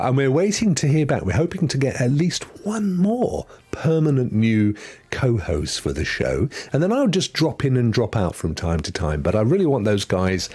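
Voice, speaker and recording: A husky, chatty man from London hosts a casual live-stream chat, his voice sitting on the low side with a darkish tone. He rambles along and now and then drops into whispered asides.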